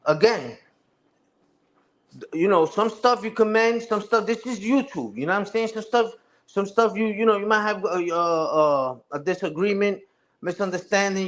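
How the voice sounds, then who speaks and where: A man's voice: sits high, fairly bright tone. A man ranting casually and profanely on a live stream, repeating himself and asking "you heard?" again and again.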